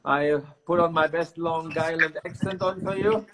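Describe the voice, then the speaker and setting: A man's voice: fairly high pitch, steady tone, normal speed, a bit bright, rough recording. A middle-aged man with a German accent, a winemaker explaining his work on a video call from his wine cellar, often restarting his sentences. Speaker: winemaker guest. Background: barrels rolling.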